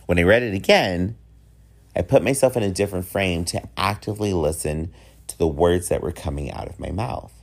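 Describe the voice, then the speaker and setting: A young man hosts his podcast alone, with a low, deep voice. He talks candidly, with sass and a campy flair. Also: a little fast. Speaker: podcast host. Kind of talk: casual solo podcast chat.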